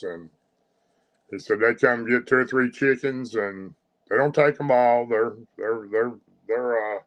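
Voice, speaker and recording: Halting middle-aged man. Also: fairly low pitch, poor audio. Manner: rambling, halting, many fillers and restarts. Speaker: guest telling a creature encounter. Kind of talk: first-person storytelling.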